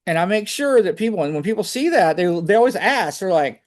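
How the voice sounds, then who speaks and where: A man telling personal faith stories on a video call, animated and chatty, often saying "man". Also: high voice, fast, hardly any pauses. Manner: animated storytelling, fillers like "man". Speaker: guest speaker. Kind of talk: casual testimony on a video call.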